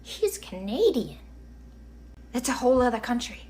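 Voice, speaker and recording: A woman's voice: fairly high pitch, sing-song, darkish tone. A woman with an Irish accent acting out both sides of an audition sketch, an Irish actress and a pushy casting director. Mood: mocking. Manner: switches between two characters in quick exchanges. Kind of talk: comedy sketch from a short video.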